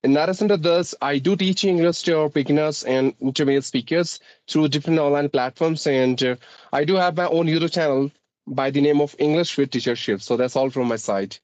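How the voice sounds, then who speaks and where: A man's voice: on the high side, brisk, a little mellow, dry recording, low-quality recording. A man with an Indian accent who teaches English, hosting a casual speaking-practice conversation in a formal, articulate way.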